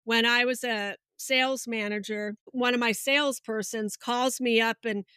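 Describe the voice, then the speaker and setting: A middle-aged woman, a hypnotherapist guest on a podcast, telling lively stories and acting out the people in them. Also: a little high, normal speed, clean tone, dry recording, studio quality. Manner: lively storyteller, acts out quoted people. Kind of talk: podcast interview.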